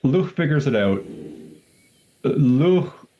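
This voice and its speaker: A man's voice: fairly high pitch, animated, slow pace, muffled recording. A man co-hosting a reaction stream as a historian, retelling a legend in casual, rambling chat full of fillers and restarts.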